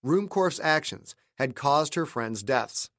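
Narrateur au son sec et proche. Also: male voice, mid-range voice, expressive, takes it slowly, fairly bright tone, dry recording, studio quality. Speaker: audiobook narrator and author. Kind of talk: scripted narration.

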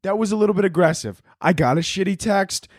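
A man's voice: high-pitched, animated, fast, dry recording, studio quality. A young man hosting a solo comedy podcast, ranting crudely and acting out little characters in his bits. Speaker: podcast host.

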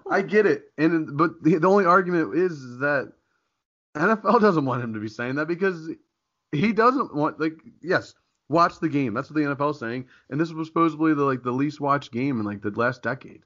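A man's voice: a little high, expressive, brisk, a bit bright. Rambling male podcast host, lo-fi. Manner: rambling, self-interrupting, laughs often. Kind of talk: casual chat. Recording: dull lo-fi podcast audio.

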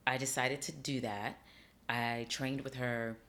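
A middle-aged woman, an actor and acting teacher, chatting in an interview and telling her story with lively acted-out dialogue. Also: a bass voice, measured pace. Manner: animated storyteller, acts out quoted dialogue. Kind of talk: casual interview chat.

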